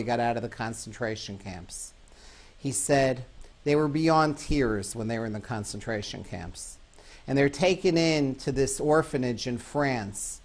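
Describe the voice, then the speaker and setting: A man speaking at an average pitch, lecturing on grief and mourning. He tells stories with emphatic rises on key words and sometimes stumbles and restarts mid-sentence. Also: a little mellow. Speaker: psychologist lecturer. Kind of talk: recorded talk on grief and comfort.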